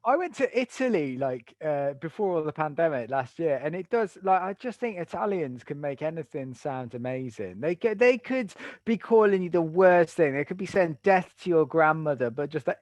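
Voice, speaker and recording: Joking British man, slightly high voice. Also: animated, moderate pace, few pauses, darkish tone, no echo. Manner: jokey storyteller, acts out voices in anecdotes. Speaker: guest, stand-up comic and author. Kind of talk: casual podcast chat.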